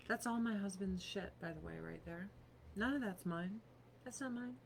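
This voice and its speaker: A woman's voice: mid-range voice, normal speed, creaky, slight background noise. A woman in her thirties chatting casually on a livestream from her home office desk, profane and sarcastic.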